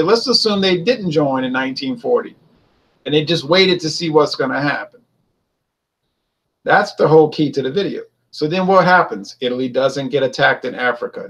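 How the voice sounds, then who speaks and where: Male host, husky, informal history commentary, conversational with rhetorical questions. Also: medium pitch, fairly bright tone, rough recording. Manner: conversational, poses and answers his own rhetorical questions. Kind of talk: casual spoken history commentary.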